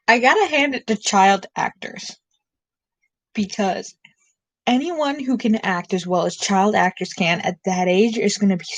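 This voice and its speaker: A woman's voice: medium pitch, no room sound, rough recording. A young woman streaming late at night, chatting casually and rambling with lots of filler words.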